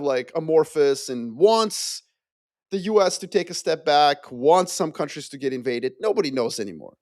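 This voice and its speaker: A man, a podcast guest, explaining his view with animated storytelling and playful asides. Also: a little high, no echo, studio quality. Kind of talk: casual geopolitical discussion.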